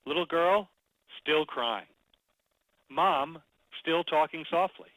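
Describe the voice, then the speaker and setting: Bright-voiced man presenting a webinar. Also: a little high, slow, no echo, low-quality recording. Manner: conversational and animated, acting out the story. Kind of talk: webinar lesson with storytelling. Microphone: computer mic, webinar audio.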